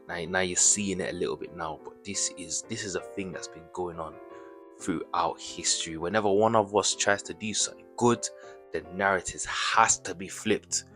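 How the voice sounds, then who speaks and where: A man's voice: sits low, fairly bright tone. A man doing ranting reaction commentary, indignant and repetitive, full of slang. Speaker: commentary YouTuber.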